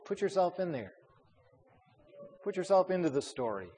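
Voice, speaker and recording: A pastor leads an informal Bible study, talking conversationally with fillers and repeated words. His high voice is sing-song and slightly rough with a dark tone, at normal speed. A long hall reverb fills the recording.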